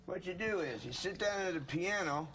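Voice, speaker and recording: A man's voice: sits high, lively intonation, normal speed. A man giving a casual, folksy guitar setup lesson, calling the viewers folks and gang. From United States. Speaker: guitar instructor. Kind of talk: casual instructional demo.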